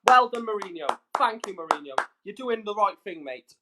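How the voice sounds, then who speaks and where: A man's voice: high voice, lively intonation, normal speed, pushed and bright. Furious swearing man ranting. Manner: furious, swearing, emphatic repetitions. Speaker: YouTube streamer. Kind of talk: angry livestream rant.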